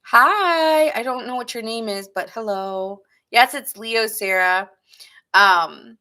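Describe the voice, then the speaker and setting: A woman's voice: a little high, slow pace, bright, forceful tone. A woman giving a casual live tarot reading, chatty and laughing often as she acts out what people think. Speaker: tarot reader.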